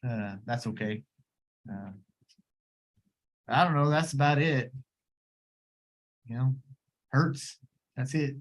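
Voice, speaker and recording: An easygoing old grandpa with a sore back rambles about his day in a put-on drawl, as a man role-plays the patient. He talks slowly, with loose fillers and shrugging asides. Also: medium pitch, close to an everyday voice, low-quality recording. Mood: easygoing, rambling. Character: folksy grandpa patient with back pain, easygoing, beer-loving. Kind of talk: role-play of a patient's spoken history.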